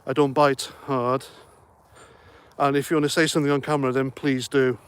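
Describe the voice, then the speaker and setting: A man's voice: mid-range voice, little pitch movement, moderate pace, clean tone, no echo. Chatty man livestreaming. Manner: chatty, rambling, jokey asides. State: slightly out of breath. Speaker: livestream host. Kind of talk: casual livestream chat reading comments.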